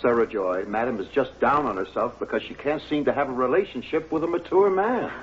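An actor playing a dry, sardonic butler in a 1980s sitcom, on dull TV audio with a studio audience. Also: male voice, medium pitch, a little fast, slight background noise, lightly acted. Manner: dry, sarcastic.

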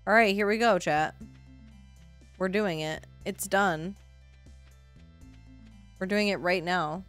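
A woman's voice: mid-range voice, slow, fairly bright tone, faint music behind. A young adult woman streaming a farming game, chatting sarcastically with her chat and swearing now and then. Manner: chatty, sarcastic, swears, yelps when panicked. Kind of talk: casual let's-play commentary to chat.

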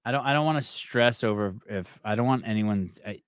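Slightly fast with a clean tone, this man's lowish voice comes through clean studio audio with no room sound. He hosts a podcast, chatting loosely in a rambling, profane manner and frequently starting over.

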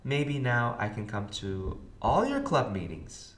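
A man voicing an excited little girl, bossy and sweet, in a storybook read-aloud. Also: a little slow. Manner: high and eager. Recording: roomy echo.

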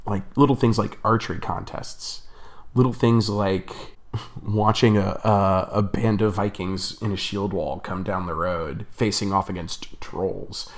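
A man's voice: lowish voice, steady tone, unhurried. A young man telling a rambling story on his vlog, chatty and laughing often. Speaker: vlogger.

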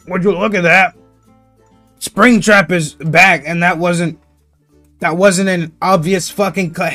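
A man's voice: high-pitched, fairly even intonation, slow pace, pauses often, soft background music. Joking young man hosting a roleplay. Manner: loud, joking, swearing. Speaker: roleplay host. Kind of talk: Minecraft roleplay chat.

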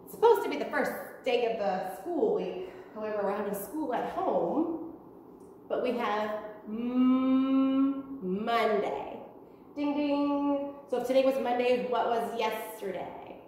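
A woman's voice: fairly high pitch, slow, darkish tone, a little hiss or hum. A woman teaching preschoolers from home, talking in a sing-song, child-directed way. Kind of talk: virtual preschool lesson. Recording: echoey room, far from mic, faint ambience.

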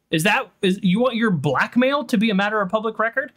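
A game streamer giving heated, animated commentary during a playthrough, ranting and arguing points out loud. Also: mid-range voice, fairly quick. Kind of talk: let's play commentary.

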